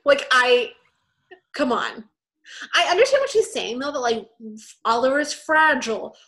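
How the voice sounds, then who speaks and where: A woman co-hosting a podcast in casual chat, animated and quick to swear. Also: sits high. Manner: animated, swears freely, acts out characters' lines. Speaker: podcast co-host.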